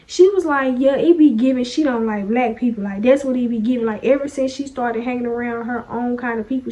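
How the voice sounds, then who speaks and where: 一位年轻女性的声音偏高，以随意聊天的方式讲述学校里的故事，语气泼辣爽快，时常模仿别人说话的口吻。她的声音高而明亮，叙述流畅，带有生活化的口语感。. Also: female voice, sits high, a little mellow. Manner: chatty, sassy, acts out quoted lines. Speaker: vlogger. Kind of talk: casual storytime vlog.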